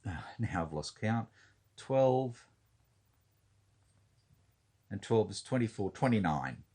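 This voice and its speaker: Slow, hesitant man counting aloud. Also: on the low side, expressive, darkish tone, breathy edge. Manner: thinking aloud, counting units, hesitant fillers. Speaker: wargame player. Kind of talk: casual talk-through of a board game turn.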